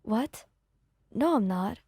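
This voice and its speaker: A woman's voice: fairly high pitch, lively intonation, slow pace, mellow, breathy edge, dry recording, studio quality, exaggerated voice. A woman voicing a hurting young lover in an ASMR fanfic reading, speaking hesitantly and apologetically with a strained voice. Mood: evasive.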